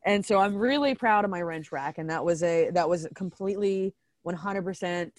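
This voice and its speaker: A woman's voice: on the low side, normal speed, darkish tone, no room sound, clean studio sound. A woman who makes things herself, a podcast guest chatting casually and poking fun at herself. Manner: chatty, self-deprecating, fillers and restarts. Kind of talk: casual interview chat.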